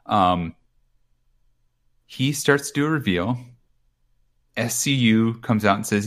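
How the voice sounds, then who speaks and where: This male podcast co-host has a lowish, fairly bright voice with lively intonation, taking it slowly and pausing often. In casual wrestling recap chat, he rambles, swears freely, and paraphrases promos.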